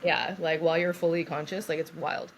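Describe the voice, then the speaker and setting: A woman's voice: low voice, level tone, a little fast, creaky, slight background noise. A woman in her thirties, a podcast co-host, telling a long personal story in casual chat, acting out what others said and laughing often.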